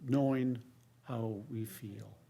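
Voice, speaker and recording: A man's voice: mid-range voice, steady tone, slow pace, gravelly, mellow, husky. A man leading a city council workshop discussion, talking loosely and conversationally with many fillers. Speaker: city council presiding member.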